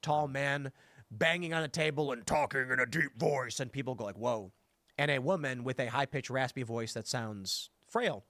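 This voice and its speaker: A man's voice: fairly high pitch, no room sound, studio quality. A man hosting a casual political panel show, reading viewer comments and animatedly quoting people. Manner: animated, mimics voices when quoting. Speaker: show host.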